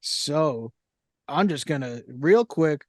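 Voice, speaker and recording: Young guy cohosting a movie podcast, kinda high voice, dry mic, rambles through cast lists. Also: lively intonation, slow, no echo. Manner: chatty, reads reviews and cast lists aloud. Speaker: podcast co-host. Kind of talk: casual chat.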